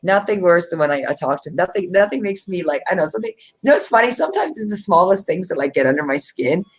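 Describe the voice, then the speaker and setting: A woman's voice: fairly low pitch, animated, fast, breathy edge, faint music behind. Chatty, emphatic woman hosting a livestream. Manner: chatty, emphatic, ranting with laughs. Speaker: livestream host. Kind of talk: casual livestream chat.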